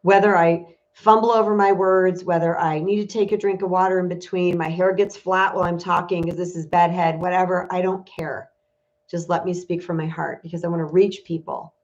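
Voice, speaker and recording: A woman's voice: fairly low pitch, flat delivery, a little fast. A woman life coach speaking to her viewers in a candid, emotional, confessional way, like a casual livestream. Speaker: spiritual empowerment coach. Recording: dull lo-fi stream audio.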